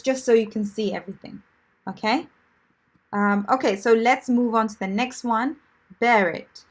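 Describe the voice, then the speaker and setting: Chatty, encouraging woman teaching English. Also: mid-range voice. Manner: encouraging, chatty, many fillers and restarts. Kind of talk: live online vocabulary lesson.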